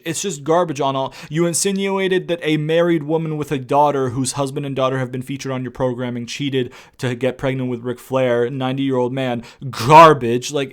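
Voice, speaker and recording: A man's voice: mid-range voice, smooth. A young man giving a rambling, exasperated rant reviewing a wrestling show, swearing often and restarting his sentences.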